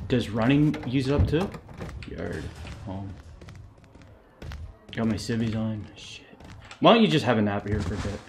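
A man's voice: fairly low pitch, measured pace, long pauses. Young guy streaming a game, cursing and cracking up, faint hiss behind. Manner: excitable, swearing, laughing at the game. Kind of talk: live gameplay commentary.

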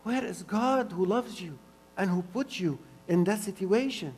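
A man preaching a sermon in an earnest way, repeating phrases for emphasis and swinging between soft and loud. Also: high voice, animated, unhurried, breathy edge, long reverb tail. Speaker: pastor.

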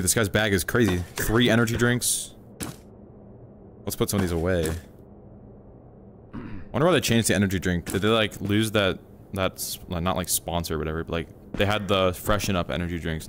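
A man's voice: deep voice, slight background noise. A man streaming a game, chatting casually and rambling to his teammate and viewers on a headset mic. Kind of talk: casual livestream gaming chat.

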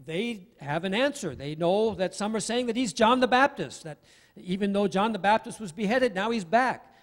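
A man with a high voice preaches to his congregation in a relaxed, conversational manner, full of asides. His voice rings out with the long reverb of a church hall. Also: moderate pace. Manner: conversational, with asides and acted-out quotes. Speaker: pastor. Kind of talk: sermon. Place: church sanctuary.

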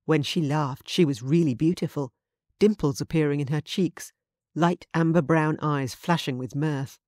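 A woman audiobook narrator reading a contemporary romance in an even, measured scripted narration. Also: low-pitched, dry recording, studio quality.

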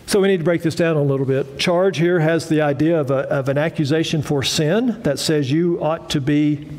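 A man's voice: fairly high pitch, steady tone, normal speed, a little mellow. A male pastor preaching a sermon in a conversational, emphatic way, repeating phrases for weight and asking the congregation questions.

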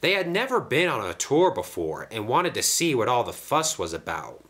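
A man's voice: medium pitch, moderate pace. Guy reading a kids train story, lots of ups and downs in his voice. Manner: lively, expressive. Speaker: narrator. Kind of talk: storybook narration.

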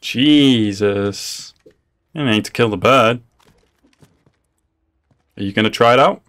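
A man's voice: fairly low pitch, takes it slowly, fairly bright tone. A man hosting a reaction video, talking casually and blurting out reactions, often swearing and laughing. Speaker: reaction channel host.

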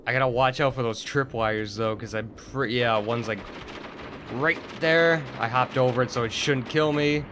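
A man's voice: mid-range voice, normal speed, noisy background. A young man giving gameplay commentary, frustrated and swearing as he mutters to himself. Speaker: gaming video host.

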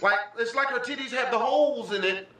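A young man with a high, bright voice reacts in loose, profane commentary, excitable and quick to laugh. He sits some distance from the mic in an echoey room with faint music underneath. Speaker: vlogger.

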